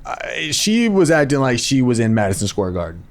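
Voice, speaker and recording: A young man co-hosting a podcast in casual, jokey chat, animated and quick to slip into silly voices. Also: mid-range voice. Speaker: podcast co-host.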